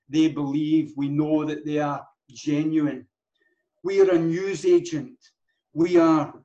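A man's voice: high voice, a little mellow, low-quality recording. A man preaching a sermon as the church's pastor, earnest, often restarting and repeating words.

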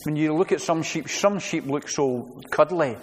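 A man's voice: on the high side, moderate pace, in a large hall. A man preaching a sermon to his congregation, earnest and repeating his phrases as he goes. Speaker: pastor.

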